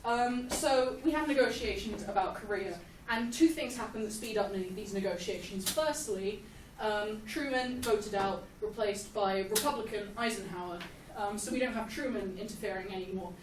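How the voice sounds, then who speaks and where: A young woman giving a casual, jokey history lesson, animated and laughing often. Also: mid-range voice, moderate pace, few pauses, distant mic. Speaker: history explainer. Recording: echoey room, off-mic, faint hiss.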